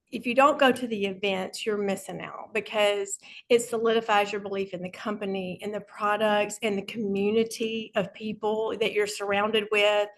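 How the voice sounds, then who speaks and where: A woman's voice: medium pitch, a little hiss or hum. Emotional woman thanking her team, near tears. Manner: emotional, excited, laughing often, near tears. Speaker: honored team member. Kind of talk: emotional thank-you speech on a video call. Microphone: video call.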